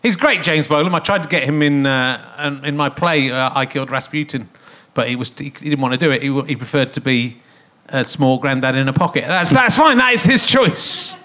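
A man's voice: medium pitch, fairly even intonation, brisk, hardly any pauses, fairly bright tone. A man hosting a live comedy interview podcast on a theatre stage, teasing his guest and laughing often. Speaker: podcast host.

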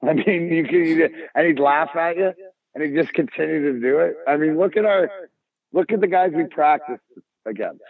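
A former hockey player being interviewed, telling rambling, profane stories full of restarts. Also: male voice, on the high side, normal speed, vocal fry, husky, no echo. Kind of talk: casual storytelling interview. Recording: tinny phone-like line.

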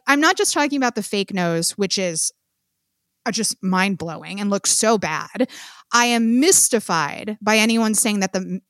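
A woman's voice: on the high side, no room sound, studio quality. A young adult woman co-hosting a podcast, reviewing films in blunt, emphatic casual chat with swearing and repetition. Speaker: podcast co-host.

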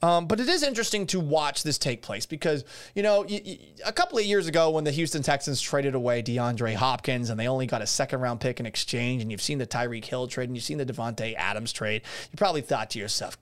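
A man's voice: mid-range voice, quick pace, hardly any pauses. A man hosting a solo sports podcast, sarcastic and swearing freely, often laughing at his own jokes. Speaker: podcast host. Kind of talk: casual solo sports talk.

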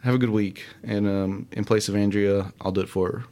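Male host, lower register, loose self-deprecating solo chat full of fillers. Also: steady tone, a little fast, warm tone. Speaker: podcast host. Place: home studio, alone.

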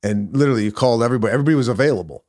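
A man, a comedian guest on a podcast, chatting casually in a halting, easygoing way with many fillers. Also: medium pitch, expressive, darkish tone, dry recording, clean studio sound. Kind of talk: casual chat.

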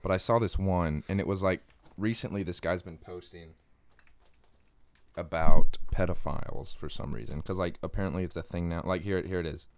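A man's voice: deep voice, normal speed, clear, resonant tone, dry recording. A man co-hosting a crude comedy podcast, rambling and profane, often breaking into laughter. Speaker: podcast co-host.

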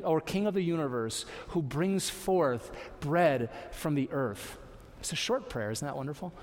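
A man preaching a sermon as a pastor, conversational, with lively asides and acted quotes. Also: sits high, big-room sound. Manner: conversational, warm asides, playful voices for quotes.

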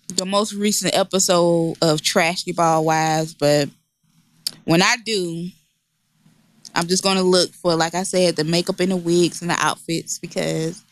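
A woman's voice: lowish voice, dry recording. A woman co-hosting a casual podcast, teasing and cursing freely and laughing often. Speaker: podcast co-host.

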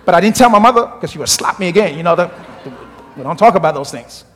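Middle-aged African male pastor, very high voice, humorous storytelling sermon, long reverb of a church hall. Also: lively intonation, quick pace, a bit bright. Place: church sanctuary.

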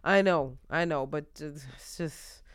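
A woman's voice: low-pitched, takes it slowly, clear, resonant tone, no room sound, clean studio sound. A young pregnant woman co-hosting a casual podcast chat, talking in slang, laughing often and acting out quotes. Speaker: podcast co-host.

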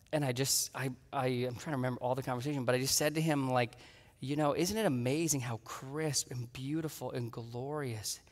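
Man preaching in an echoing hall. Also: mid-range voice. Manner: animated storytelling, acting out his own dialogue. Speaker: pastor. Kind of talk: sermon.

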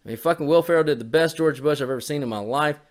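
A man's voice: on the high side, very fast. A man co-hosting a podcast, rambling in casual chat and swearing a lot. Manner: rambling, swears often, drawls. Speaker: podcast co-host.

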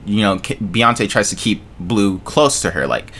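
A man's voice: on the low side, animated, a little slow, fairly bright tone. A man co-hosting a podcast in casual chat, joking provocatively and swearing. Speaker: podcast co-host.

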